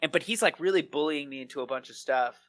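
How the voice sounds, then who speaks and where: A male comedy writer, a guest on a podcast, winds through a funny story. He talks in an animated, rambling way and laughs often. His voice sits a little high and sounds bright and forceful. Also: fast talker. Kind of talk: casual conversation, comic storytelling.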